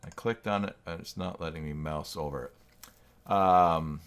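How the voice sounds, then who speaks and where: A man's voice: low-pitched, steady tone, moderate pace, fairly bright tone, clear, resonant tone. A man hosting a live stream, chatting casually, thinking aloud and reacting to viewers' messages with self-deprecating asides. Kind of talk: casual live-stream chat while working.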